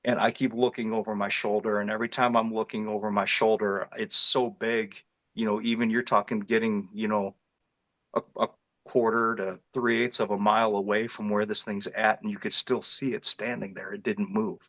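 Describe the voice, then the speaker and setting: A middle-aged man from northeast Ohio tells his story in a low voice, earnest and detailed, often circling back to restart a phrase. The sound is dry, with no room around it, and a little dull and lo-fi. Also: level tone, moderate pace, a bit bright, no room sound. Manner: earnest, vivid retelling with frequent restarts. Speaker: interview guest recounting an encounter. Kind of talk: personal storytelling in an interview.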